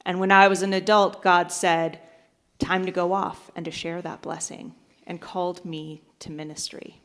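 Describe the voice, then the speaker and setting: A woman's voice: fairly low pitch, little pitch movement, normal speed, fairly bright tone. A woman pastor giving a sermon, telling a joke with acted-out voices and then preaching. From United States. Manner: storytelling, acts out voices in a joke.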